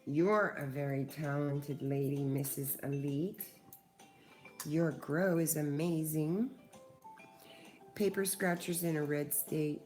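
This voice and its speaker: A woman's voice: sits low, fairly even intonation, slow, a little mellow, soft background music. A middle-aged woman hosting a casual livestream, chatting with viewers and swearing freely. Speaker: livestream host.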